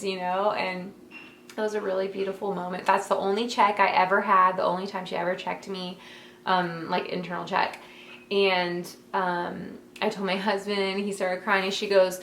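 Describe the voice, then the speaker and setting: A woman's voice: medium pitch, flat delivery, normal speed, fairly bright tone. Young woman, casual heartfelt storytelling, lots of "like" fillers, home bedroom, echoey room, faint background hum. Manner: chatty, many fillers like "like" and "um"; emotional, heartfelt. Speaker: vlogger telling her birth story.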